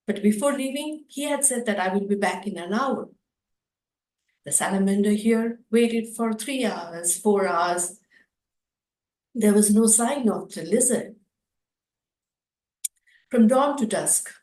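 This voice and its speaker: A woman storyteller telling a children's story at a festival session, expressive and repetitive, with some fillers. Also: mid-range voice, roomy sound, low-quality recording.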